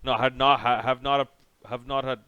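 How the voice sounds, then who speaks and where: A man's voice: mid-range voice, level tone, normal speed, bright, forceful tone, clean tone, no echo, lo-fi sound. A young man casually recapping a cricket match over by over, rambling and sarcastic, with many restarts. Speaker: cricket reviewer.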